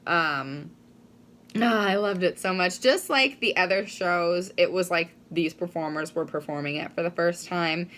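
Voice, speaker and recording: A woman's voice: on the low side, unhurried, a bit bright. Young woman, casual vlog chat, gushing, emotional, lots of ums. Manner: gushing, emotional, many fillers. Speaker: vlogger.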